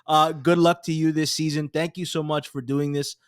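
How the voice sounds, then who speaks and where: A man's voice: fairly high pitch, flat delivery, moderate pace. Chatty male podcast host. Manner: chatty, stammers on restarts. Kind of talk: casual interview.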